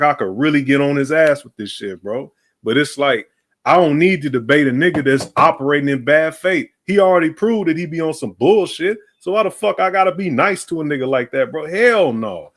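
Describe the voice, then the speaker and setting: A man hosting a heated, casual stream panel, talking bluntly and profanely and rambling. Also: mid-range voice.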